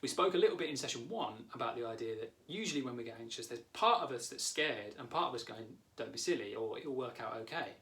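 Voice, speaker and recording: A man in his thirties, a therapist and coach, calmly explaining a coaching lesson straight to the viewer. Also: medium pitch, fast, hardly any pauses. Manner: calm, warm explaining, talks directly to the viewer.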